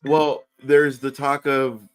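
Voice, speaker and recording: A man's voice: mid-range voice, flat delivery, slow pace, smooth. Swearing, joking man podcast host. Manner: swears freely, jokes around. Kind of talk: casual chat.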